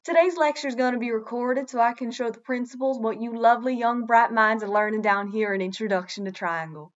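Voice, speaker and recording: A young woman plays a self-important teacher of the triangle who lectures with deadly seriousness in an improvised mockumentary. Her voice sits a little high and the recording sounds dull and lo-fi. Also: a little fast, natural voice. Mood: pompous. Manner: pompous, earnest lecturing.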